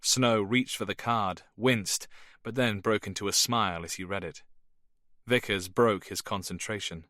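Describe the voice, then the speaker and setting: A man reading a thriller audiobook in measured, even narration. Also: on the low side, no echo, clean studio sound. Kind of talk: scripted narration.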